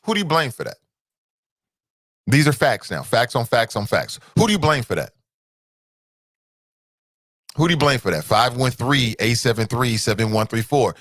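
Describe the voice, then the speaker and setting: A man hosting a talk show, with a Cincinnati accent. He rants in a bright, forceful voice that swings widely in pitch, firing the same rhetorical question again and again. The sound is dry and close. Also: moderate pace, no echo. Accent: Cincinnati, Ohio. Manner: animated, repeats rhetorical questions, jumps to high exclamations. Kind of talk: fired-up solo commentary.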